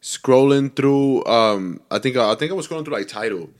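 A man's voice: medium pitch, animated, normal speed. A young man co-hosting a podcast, chatting in a loose, laid-back way and swearing freely. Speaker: podcast co-host. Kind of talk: casual chat.

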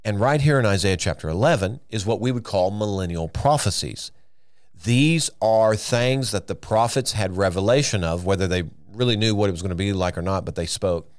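A man with a somewhat low voice leads a Bible teaching on his podcast. He sounds earnest and emphatic, with plenty of fillers and self-corrections as he thinks aloud. The sound is dry and close, with no echo around him.

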